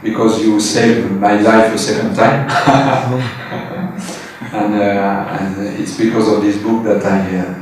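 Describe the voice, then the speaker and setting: A devotee offers heartfelt thanks in a fairly low, flat voice, speaking slowly and hesitantly and laughing often. The mic is distant in an echoey hall, with faint background noise.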